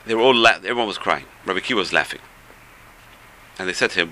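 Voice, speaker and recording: Gravelly, animated man telling a religious story. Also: on the low side, very fast, slight background noise. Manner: animated storyteller, swinging between loud bursts and soft asides. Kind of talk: storytelling Torah talk.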